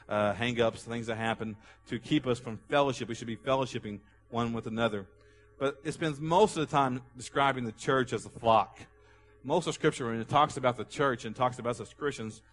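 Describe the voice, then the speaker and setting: A man pastor preaching a sermon to his congregation, asking questions for them to answer and reading scripture aloud slowly with emphasis. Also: medium pitch, fairly bright tone. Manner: call-and-response questions to the congregation. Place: church sanctuary. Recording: long hall reverb.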